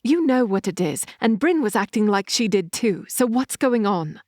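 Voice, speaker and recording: A woman voicing a young female vampire heir in an audiobook, with a higher, urgent and emotional delivery. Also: sing-song, moderate pace, a little mellow, dry recording, clean studio sound, close to an everyday voice. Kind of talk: audiobook character reading.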